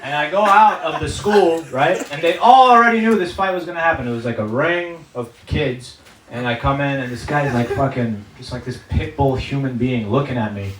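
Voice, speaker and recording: A man's voice: medium pitch, moderate pace, a bit bright, slight background noise. A man performing a stand-up comedy set, telling stories with lots of swearing and acting out the people in them. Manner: profane storytelling, acts out characters' voices. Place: comedy stage before a live audience. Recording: roomy stage sound, distant mic. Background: audience laughter and claps.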